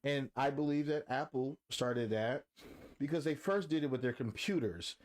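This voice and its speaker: A man co-hosting a casual podcast chat, an animated storyteller who acts out quotes. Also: medium pitch, moderate pace. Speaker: podcast co-host.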